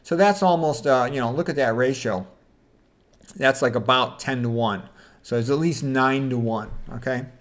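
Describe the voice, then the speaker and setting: A man's voice: mid-range voice, normal speed. Chatty doctor reading his book aloud. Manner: chatty, asks listeners "okay?" and "all right?". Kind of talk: casual book reading with spoken asides.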